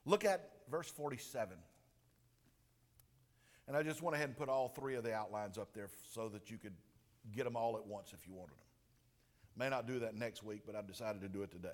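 A man preaching a sermon with animated delivery, dropping to a hush and then booming out. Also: brisk, long pauses. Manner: animated, swings from hushed to booming. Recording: long reverb of a large room.

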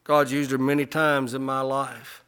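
A middle-aged man preaching a sermon, impassioned, swelling to loud peaks and often repeating his words. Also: mid-range voice, little pitch movement, measured pace, smooth. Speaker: pastor.

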